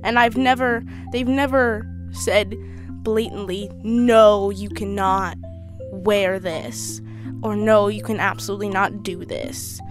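A sixteen-year-old girl answering interview questions candidly, thoughtful and a little halting, with restarts. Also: mid-range voice, fairly even intonation, over music. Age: teens. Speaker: interview guest.

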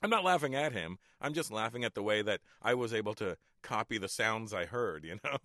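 A middle-aged man, a stand-up comedian, telling stories in a relaxed interview and chuckling often. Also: fairly low pitch, brisk, no echo, clean studio sound. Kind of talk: casual interview talk.

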